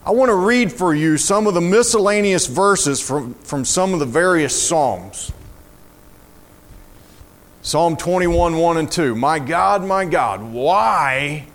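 Slow, fervent man with a high voice. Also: a bit bright. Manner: slow, fervent, rising to emotional emphasis. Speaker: preacher. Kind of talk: sermon with scripture reading.

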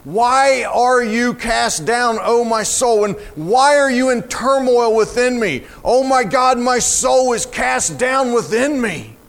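A man preaching a sermon, reading scripture aloud in a slow, fervent way that rises to emotional emphasis. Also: very high-pitched, creaky, fairly bright tone, soft background music.

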